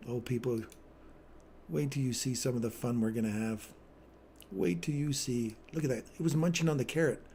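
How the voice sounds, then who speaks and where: At normal speed and with a warm mid-range voice, a man in his fifties runs a live trading stream, reading viewer comments aloud in an upbeat manner. An echoey room and a little hiss or hum color the recording.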